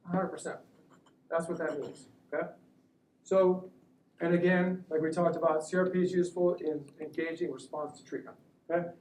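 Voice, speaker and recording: A man gives a classroom lecture as a surgeon teaching students, keeping it conversational and checking in with "right?" after nearly every point. His voice sits a little high for a man. The recording is roomy and taken from across the room, with a faint hum of ambience behind him. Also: steady tone, normal speed, darkish tone. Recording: echoey room, recorded from a distance.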